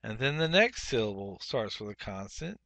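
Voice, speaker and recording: A man teaching a Biblical Hebrew workbook lesson, speaking deliberately and saying each Hebrew word twice, with frequent "uh" fillers. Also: lowish voice, sing-song, creaky, bright, forceful tone, no room sound. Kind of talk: workbook lesson, explaining grammar.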